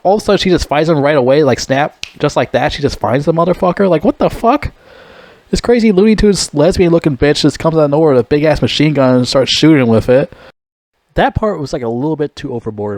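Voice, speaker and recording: A man's voice: medium pitch, a little mellow, no echo. A young man giving a casual movie review, rambling, blunt and full of swearing. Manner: rambling, heavily profane, blunt.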